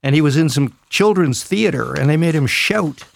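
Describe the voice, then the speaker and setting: A man's voice: a little high, lively intonation, moderate pace, gravelly. A man in a casual chat about old films, sharing trivia with chuckles. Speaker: podcast regular, researcher.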